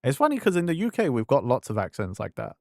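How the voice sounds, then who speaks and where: A young man from England talks into a desk mic at home, his London-leaning English accent worn thin. He rambles through casual stream chat, piling up fillers and restarting his sentences. His voice sits at an ordinary middle pitch, and the sound is dry and close with no room echo. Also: wildly swooping pitch, fast talker, gravelly. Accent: fading English, London-leaning. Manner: rambling, filler-heavy, self-interrupting.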